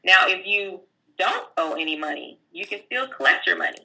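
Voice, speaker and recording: A woman's voice: fairly low pitch, animated, normal speed, vocal fry, bright, forceful tone, slightly rough, low-quality recording. A woman tax professional, a guest, explaining filing rules step by step in a plainspoken, casual way, with fillers. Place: California.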